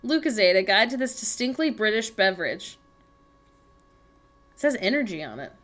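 A woman's voice: medium pitch, big pitch swings, normal speed, a bit bright. A young woman chatting playfully and teasing on a casual livestream from home. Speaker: livestream co-host. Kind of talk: casual chat on a productivity livestream.

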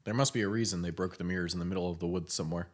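A man's voice: low voice, fairly even intonation, very fast. A man co-hosting a casual film commentary podcast, joking, laughing often and swearing freely. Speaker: podcast co-host.

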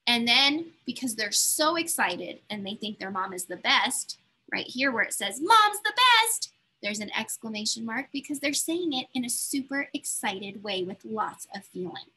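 A woman's voice: a little high, lively intonation, normal speed, bright, forceful tone, breathy edge. A woman teaching a recorded reading lesson to young children, patient and encouraging as she coaxes them along. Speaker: elementary school teacher.

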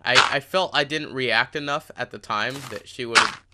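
A man's voice: mid-range voice, moderate pace. A teenage boy chatting casually while playing a game, self-mocking and tripping over his words. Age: teens. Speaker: gaming channel host. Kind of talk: rambling casual commentary over gameplay. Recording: loud hiss and mouse clicks.

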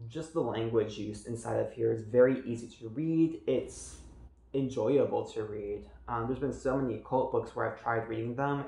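An earnest man from the United States gives a casual book review to camera. He speaks at a middle pitch with a gravelly edge of vocal fry, wanders through fillers and restarts, and the room gives his voice a noticeable echo. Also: darkish tone.

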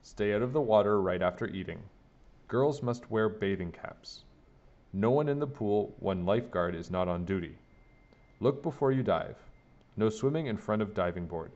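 A man reading a children's picture book aloud in a lively, sing-song way. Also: lowish voice, moderate pace. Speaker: storybook reader. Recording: dull lo-fi recording.

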